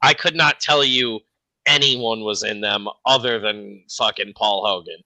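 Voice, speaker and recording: Laughing man, very bright voice. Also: fairly low pitch, measured pace, no room sound, low-quality recording. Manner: laughs often, rambling and jokey. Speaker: podcast co-host. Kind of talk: casual banter.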